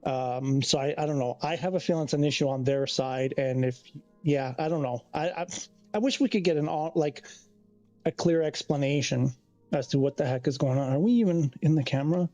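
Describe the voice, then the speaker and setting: A man chatting casually to his stream in a fairly high, warm, mellow voice. He rambles, trails off and restarts his sentences as he reads chat aloud. The sound is close and dry, with faint music underneath. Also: fairly quick, dry recording, lo-fi sound. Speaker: livestreamer.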